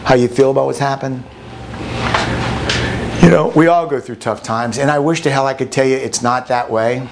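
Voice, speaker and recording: A man's voice: medium pitch, normal speed, creaky, pauses often, background noise. A man presenting a relationship workshop to a group in a casual, storytelling way, often repeating words as he restarts a sentence. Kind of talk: conversational teaching to a group.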